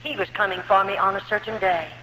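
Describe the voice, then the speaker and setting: A woman's voice: medium pitch, steady tone, fast talker, sharp tone, roomy sound, long reverb tail, slight background noise, rough recording. An older woman from the United States telling her life story as a religious testimony, emotional and acting out what people said. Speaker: former nun giving her testimony.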